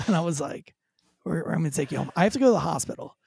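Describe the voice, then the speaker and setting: A man, a former police officer, telling a dramatic story with high energy as an interview guest, acting out quoted lines. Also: expressive, fast talker, gravelly, darkish tone, husky.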